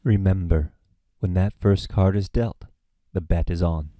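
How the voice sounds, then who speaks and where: An actor reading a smooth, menacing devil in a screenplay reading, polite and measured. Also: male voice, deep voice, steady tone, dark tone, no room sound. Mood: cool. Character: smooth menacing male devil, courteous and cold. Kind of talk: table read of a screenplay.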